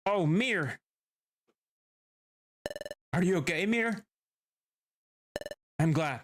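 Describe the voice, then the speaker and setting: A man's voice: high-pitched, animated, drawn-out words, a bit bright, a little hiss or hum. A male streamer reading through a game and reacting with jokes and swearing. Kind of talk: casual game commentary. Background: game music.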